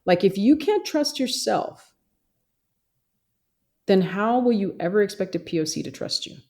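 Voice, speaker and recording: A woman's voice: mid-range voice, animated, measured pace, dark tone. A woman therapist talking emphatically in a podcast interview, often mimicking other people's voices. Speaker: therapist and social worker guest.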